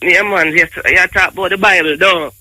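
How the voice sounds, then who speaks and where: Fast-talking Jamaican caller with bright voice. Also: male voice, sits high, steady tone, slight background noise, rough recording. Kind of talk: call-in radio talk.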